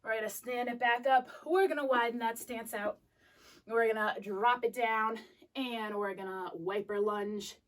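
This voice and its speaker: A young woman instructor cues moves in an upbeat coaching manner while she works out, sniffly and catching her breath. Her voice sits fairly high. She sounds set back from the microphone in a fitness studio. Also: fairly even intonation, unhurried, fairly bright tone. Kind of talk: live workout class cueing. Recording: voice distant from the mic.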